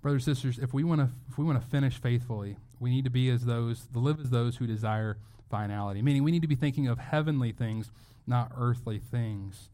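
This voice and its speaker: A mid-pitched man preaches a sermon to his congregation. He speaks earnestly and leans hard on key phrases. He often stops and restarts his sentences as he goes. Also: fast, few pauses, warm tone. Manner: earnest, emphatic, with frequent restarts. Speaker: pastor.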